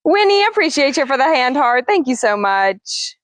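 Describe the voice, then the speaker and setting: A woman's voice: sits high, very animated, normal speed, no room sound. A woman hosting a casual livestream as a parrot trainer, chatting with viewers and cooing to her birds in a singsong voice. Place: outdoors.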